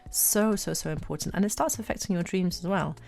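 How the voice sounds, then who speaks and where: A woman life coach chatting on a podcast, animated, repeating words and acting out her own self-talk. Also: on the low side, fairly quick, creaky, soft background music. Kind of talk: casual podcast chat.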